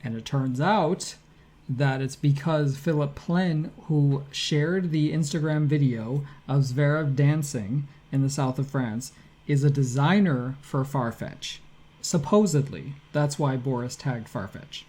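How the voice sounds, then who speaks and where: A man co-hosting a casual podcast chat, talking in an animated way and reading tweets aloud in his own voice. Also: medium pitch, a little slow. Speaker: podcast co-host.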